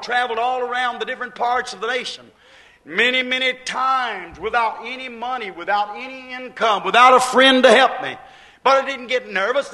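A man's voice: very high-pitched, sharp tone, low-quality recording. A man preaching a sermon in a folksy, emphatic way, repeating his points with plain homespun speech.

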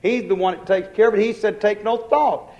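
High-voiced man preaching a folksy sermon. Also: fairly quick, a little mellow, highs cut off. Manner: folksy preaching, calls out to the congregation. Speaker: minister.

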